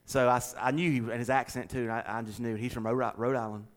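Middle-aged Southern man, pastor, chatty and animated storyteller, mid pitch. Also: fast talker. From American South. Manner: animated storyteller, chuckles, repeats words. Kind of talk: casual chat with co-hosts.

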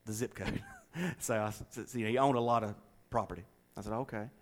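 A middle-aged man with a Southern US accent, a pastor chatting casually and telling a story with animated delivery and repeated words. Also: lowish voice, quick pace. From American South. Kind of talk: casual chat with co-hosts.

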